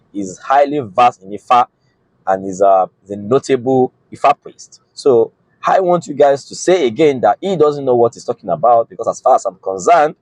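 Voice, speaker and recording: A man's voice: medium pitch, a little mellow, no room sound, rough recording. Man explaining a chanted verse. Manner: informal, repeats phrases, many fillers. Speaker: channel host.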